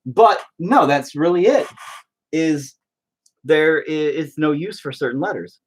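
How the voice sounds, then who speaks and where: A man's voice: on the high side, animated, unhurried. A middle-aged man hosting a painting video, chatting casually and ranting with heavy profanity in exasperation. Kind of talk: casual chat while painting.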